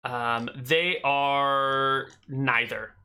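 Bright-voiced male game master. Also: medium pitch, drawn-out words, smooth. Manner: relaxed, hesitant with fillers. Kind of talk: narrating a tabletop game.

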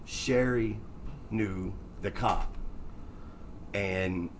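A man's voice: on the low side, steady tone, extremely slow. A middle-aged man telling a profane story in casual chat, laughing through his own punchlines. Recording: noisy room, mic at a distance.

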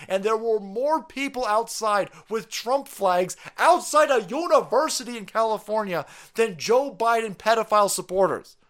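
A man hosts a livestream and rants about politics in foul, mocking language. His voice sits fairly high for a man, and he laughs between his jabs. He swings between drawn-out sneers and quick outbursts. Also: a bit bright. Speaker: streamer host. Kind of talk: profane political rant.

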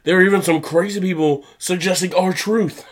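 A man's voice: high-pitched, fairly even intonation. Stuffed-up man recapping wrestling. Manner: casual rambling recap, quick mocking paraphrase of wrestlers. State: stuffed up with a cold. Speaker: podcast co-host. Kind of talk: casual podcast recap.

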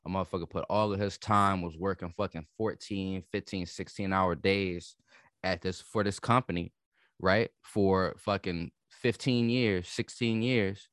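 A man's voice: low-pitched, steady tone, unhurried, fairly bright tone, no echo, studio quality. A man co-hosting a podcast in casual chat, heated and profane as he argues back. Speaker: podcast co-host.

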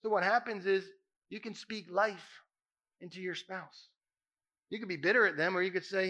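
High, bright-voiced man preaching a sermon. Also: fairly even intonation, normal speed, pauses often. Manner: impassioned, emphatic preaching with repeated phrases. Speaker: pastor.

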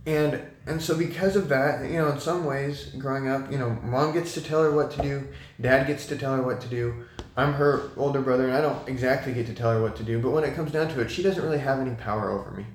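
A young man talking as a guest in a casual conversation, thoughtful and halting, with many fillers and restarts. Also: mid-range voice, a little hiss or hum. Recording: echoey room.

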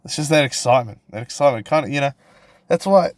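A man's voice: mid-range voice, animated, fast, no echo. Young kiwi bloke swearing his way through a podcast rant, crude and cocky, dead dry sound. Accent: New Zealand. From New Zealand. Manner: crude, profane and provocative, full of restarts. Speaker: podcast host. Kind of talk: casual solo podcast rant.

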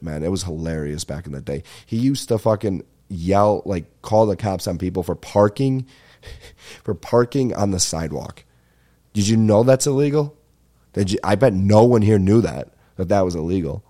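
A young man with a deep, mellow voice hosts a comedy podcast. He tells long, winding stories thick with swearing, fillers and sudden tangents. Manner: profane, meandering, lots of fillers and asides. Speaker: podcast host. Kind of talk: rambling comedic storytelling.

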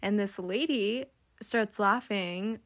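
A woman's voice: medium pitch, takes it slowly. A young American woman co-hosting a casual podcast, telling a story with lots of laughter and acted-out quotes. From United States. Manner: animated storyteller, laughs often, acts out quoted lines. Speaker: podcast co-host. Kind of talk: casual chat.

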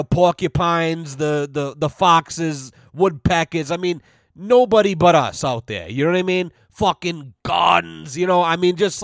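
A young man rambles through a casual podcast story and swears freely. His voice sits a little high for a man, and the sound is dry and close, with no room echo. He keeps tagging "you know what I mean" onto his lines. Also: clean tone. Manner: loose, rambling, heavy profanity, constant "you know". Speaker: podcast host.

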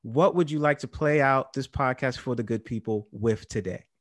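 A man's voice: medium pitch, moderate pace, dry recording, studio quality. A man hosting a casual podcast, who repeats words for emphasis. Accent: New York. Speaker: podcast host.

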